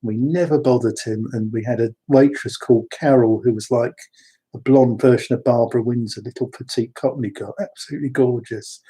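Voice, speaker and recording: A man's voice: medium pitch, steady tone, brisk, warm tone, breathy edge. A man from London, chatting through wandering personal stories with frequent restarts. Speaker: storyteller. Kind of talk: rambling personal anecdotes.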